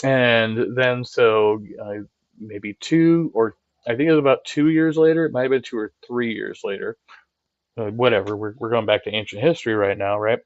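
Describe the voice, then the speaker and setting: A man's voice: mid-range voice, moderate pace, no echo, muffled recording. A man hosting a live stream who rambles conversationally, often checking in with "right?", swearing and laughing as he reads chat. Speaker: streamer and channel host. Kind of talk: casual live-stream commentary, reading chat.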